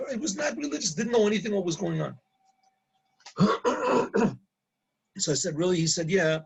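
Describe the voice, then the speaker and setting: A middle-aged man, a rabbi, casually telling an anecdote, halting and repeating words and laughing at his own story. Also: high voice, expressive, gravelly, breathy edge, low-quality recording.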